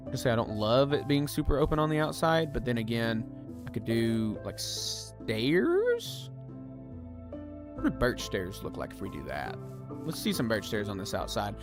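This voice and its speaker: Man, live game streamer, self-deprecating chatter, lively pitch, music playing underneath. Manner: thinking aloud, self-deprecating, chatty with viewers. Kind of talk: casual live gameplay commentary.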